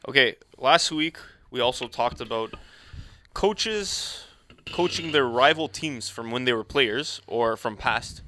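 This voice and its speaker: A man's voice: medium pitch, expressive, takes it slowly, sharp tone. A man hosting a casual sports podcast and leading the talk from topic to topic. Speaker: podcast host.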